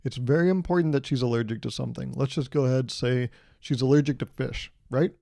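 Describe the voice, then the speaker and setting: A man's voice: mid-range voice, fast, vocal fry, dark tone, dry recording, studio quality. A man hosting his podcast, telling a long joking story that builds to a pun. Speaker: podcast host. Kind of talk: comedic storytelling monologue. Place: California.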